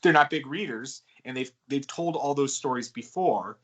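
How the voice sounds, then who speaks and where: Man from the US, podcast guest, loose rambling storyteller, plain mid-pitched voice. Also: moderate pace, breathy edge. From United States. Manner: relaxed, rambling storyteller with many fillers. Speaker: guest author and wrestling ghostwriter. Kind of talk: casual podcast interview answers.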